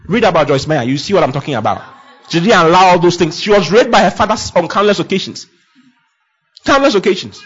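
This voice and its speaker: Male preacher, husky and emphatic, with a muffled lo-fi recording. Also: sits high, expressive, fast. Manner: emphatic, repetitive declarations, swings from loud to hushed. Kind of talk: sermon. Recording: dull lo-fi sound.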